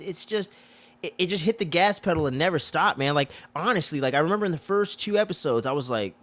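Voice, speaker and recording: Male podcast co-host, fast and excitable, cursing freely and doing voices for quotes. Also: mid-range voice. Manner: excitable, profane, acts out quotes in put-on voices. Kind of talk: casual review chat.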